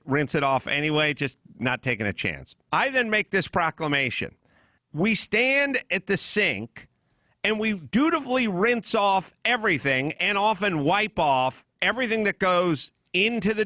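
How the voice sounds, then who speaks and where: Animated, bright-voiced man ranting. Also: a little high, no echo. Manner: exasperated ranting, swearing, mocking voices. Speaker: podcast host. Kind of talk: comedic rant. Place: hotel room.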